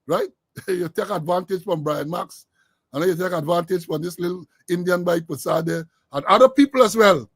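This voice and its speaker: A man's voice: high-pitched, normal speed, no echo. An older man with a Caribbean English accent hosting an online talk show, joking and laughing as he tells a long story. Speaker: host. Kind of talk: casual commentary.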